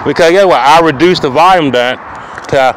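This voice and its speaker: A man's voice: a little high, brisk, low-quality recording. A man talking to camera in a long, rambling monologue outdoors, circling back to the same phrases and asking whether he's understood. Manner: repetitive, keeps asking "you know what I mean". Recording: loud outdoor street noise.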